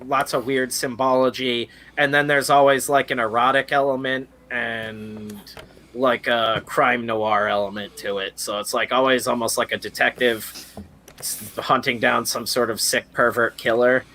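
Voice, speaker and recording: A man leads a loose podcast conversation, wandering from point to point with a steady stream of "like" and "uh". His voice is bright and forward, sitting at an ordinary middle pitch. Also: unhurried, slight background noise. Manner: rambling, fills speech with "like" and "uh". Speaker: podcast host. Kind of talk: casual chat.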